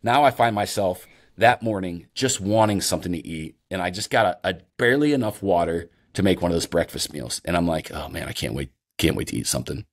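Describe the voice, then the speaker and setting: A middle-aged man hosting a casual podcast, telling an animated hunting story and acting out his own reactions with a bit of swearing. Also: deep voice, brisk. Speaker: podcast host.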